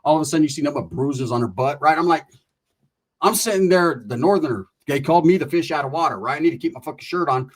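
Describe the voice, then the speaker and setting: A middle-aged man from California telling a casual comic story in an animated, profane and slangy way, with quick asides to the listener. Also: fairly high pitch, husky. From Merced, California.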